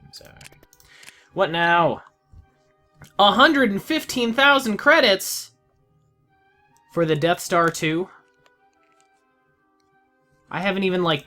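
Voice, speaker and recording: A man's voice: on the high side, sharp tone. A man giving casual gameplay commentary, talking to the game with exasperated outbursts. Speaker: let's play gamer.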